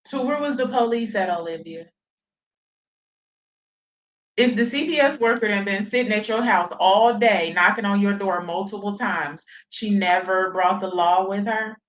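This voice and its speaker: A woman's voice: medium pitch, moderate pace, few pauses, dull audio. A woman hosting reaction commentary, sarcastic and exasperated. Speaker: commentary host.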